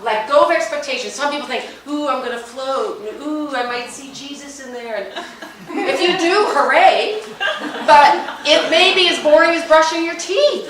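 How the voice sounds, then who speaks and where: Middle-aged woman, lively motivational speaker, higher voice, heard from a distance in a big reverberant hall. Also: slight background noise. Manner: energetic, chatty, jokey and emphatic. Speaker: speaker at a business luncheon. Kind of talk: motivational talk on meditation. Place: large hall. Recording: echoey hall, mic at a distance.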